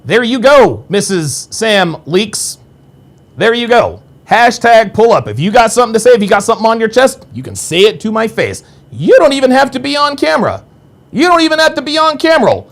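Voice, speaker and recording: A man's voice: big pitch swings, moderate pace. A man hosting a live-stream podcast, reading viewer chat aloud and firing back in a combative, profane way. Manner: combative and profane, swings between low mutters and sharp high outbursts.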